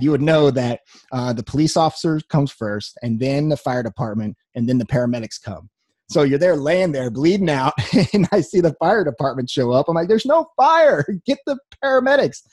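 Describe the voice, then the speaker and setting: A man's voice: mid-range voice, warm tone, breathy edge, no echo, clean studio sound. A young man giving a personal testimony talk, telling his story earnestly with wry humor.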